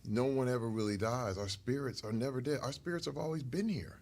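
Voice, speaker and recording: A man telling stories from his life in casual conversation over a meal, animated and earnest, sometimes getting emotional. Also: medium pitch, fairly quick. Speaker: guest.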